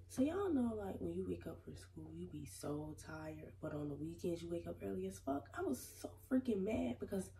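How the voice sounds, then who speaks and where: A young woman vlogs from her kitchen while fighting a cold, her voice sitting low with a gravelly, fry-heavy edge. She rambles to her viewers in a loose, swear-sprinkled chat. The phone picks her up from a distance, with plenty of noise behind her. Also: a bit bright. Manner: chatty, talks straight to viewers, curses freely. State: has a cold, sniffling. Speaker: vlogger. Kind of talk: casual chat to camera. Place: home kitchen.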